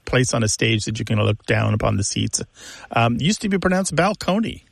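Gravelly-voiced male radio co-host. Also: medium pitch, expressive, fairly quick, dry recording. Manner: enthusiastic, explains language points at length. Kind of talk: casual explanatory chat.

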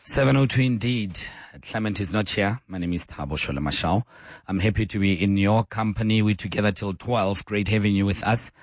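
A male South African radio host with a hoarse voice, chatting and putting questions to his listeners on a call-in show. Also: fairly low pitch, fairly quick, no room sound. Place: radio studio.

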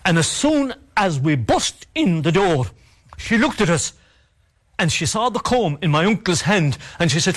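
A man's voice: sits high, very animated. Irish man telling a spooky folk tale. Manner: measured and dramatic, with repetitions and pauses. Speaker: storyteller. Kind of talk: oral folk storytelling.

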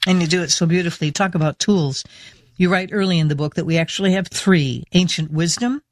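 A man's voice: a little high, fairly quick, no echo, studio quality. A man hosting a radio interview, talking enthusiastically and at length in a sincere way. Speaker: radio host. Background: faint music near the end.

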